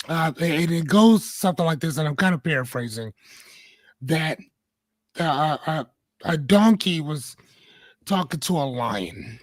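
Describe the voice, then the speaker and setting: A man's voice: on the high side, dry recording. A man in his forties, co-hosting a podcast in casual chat, telling a fable loosely with small hesitations. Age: 40s. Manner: relaxed storyteller, paraphrasing a fable with hesitations. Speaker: podcast co-host.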